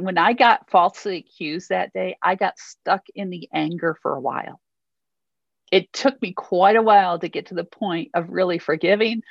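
A woman's voice: on the low side, gravelly, no room sound. A woman preaching a sermon in an earnest, encouraging way, reading scripture aloud and checking in with listeners. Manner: earnest, encouraging, frequent "okay?" check-ins. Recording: slightly muffled, dry.

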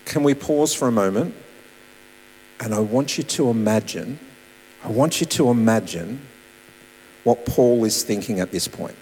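A man preaching a sermon, swinging between raised emphasis and soft, quiet asides. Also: medium pitch, animated, a little slow, long pauses. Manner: dynamic preaching, voice rising and dropping to soft asides. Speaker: pastor. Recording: long hall reverb with mains hum.

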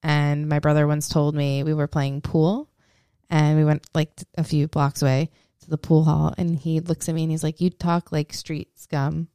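A woman's voice: low voice, flat delivery, normal speed, dark tone, clear, resonant tone, no room sound. A woman with a faint Brooklyn accent, co-hosting a podcast with dry remarks and stories. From Brooklyn, New York. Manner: dry, wry remarks, storytelling. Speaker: podcast co-host. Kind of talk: casual podcast chat.

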